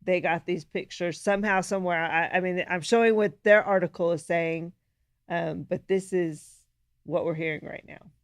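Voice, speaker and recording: A woman's voice: fairly low pitch, fairly even intonation, moderate pace. A woman co-hosting a political show, chatting casually as she reads news out. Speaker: co-host.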